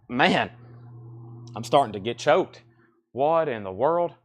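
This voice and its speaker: A man's voice: medium pitch, sing-song, slow pace, husky. A man hosting a live online vinyl record sale, calling out lots and prices in casual auction patter and repeating the details. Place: record shop.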